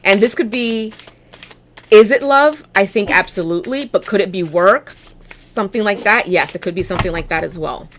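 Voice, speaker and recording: A woman doing a tarot reading, talking straight to her viewers in a blunt, chatty and encouraging way. Her voice sits at an ordinary middle pitch, and faint card shuffling and clicks are heard behind her. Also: normal speed, a little hiss or hum. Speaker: tarot reader. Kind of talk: casual tarot reading to camera.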